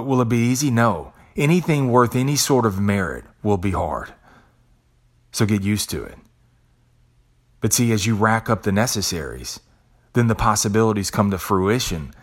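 Profane motivational man, low voice. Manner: profane, preachy, animated. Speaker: podcast host. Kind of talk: motivational monologue.

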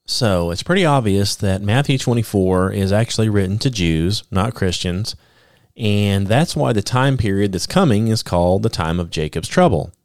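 Low-voiced man teaching the Bible. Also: animated, no echo, studio quality. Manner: explains step by step, says "okay?" often; reads scripture aloud slowly with emphasis. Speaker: podcast preacher.

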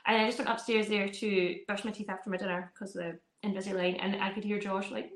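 A woman in her thirties chatting casually as a podcast co-host, telling animated stories and acting out her kids' voices. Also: mid-range voice, fast, roomy sound. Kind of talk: casual chat.

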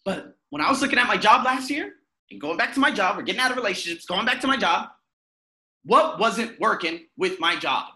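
A man's voice: sits high, expressive, a little fast, pushed and bright. A man hosting a self-help podcast, talking bluntly and with lots of swearing. He asks himself questions and answers them in a candid motivational monologue.

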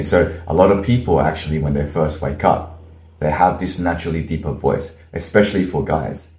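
A man giving a voice lesson in a deliberate way, showing each change with his own voice. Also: a bass voice, a little mellow. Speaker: voice coach. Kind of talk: instructional talk. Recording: echoey room.

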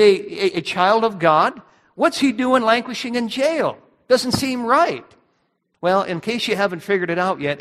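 High-voiced man preaching in a reverberant church. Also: fairly bright tone. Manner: emphatic preaching with rhetorical questions. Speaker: pastor. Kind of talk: sermon.

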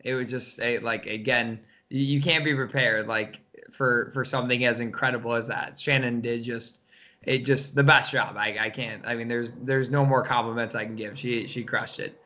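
A man chatting as a guest, effusive and halting, full of restarts. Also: mid-range voice, fairly even intonation, pushed and bright. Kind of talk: casual chat.

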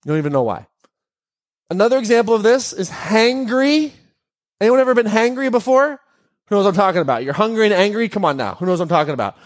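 A man hosting a podcast, speaking in an animated way to a live audience and putting questions to them. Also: high voice, fast talker. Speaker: podcast host.

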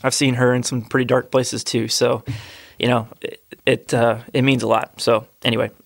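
A man hosting an interview, sincere and halting, with fillers and repeated words. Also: mid-range voice, little pitch movement, creaky, no echo, clean studio sound. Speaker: podcast host. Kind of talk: casual interview chat.

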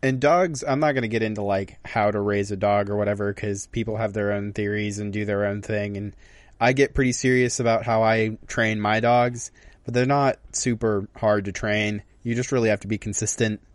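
Relaxed low-voiced podcast co-host. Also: male voice, normal speed, dry recording. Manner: relaxed, hesitant, full of "like" and "uh". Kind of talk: casual chat.

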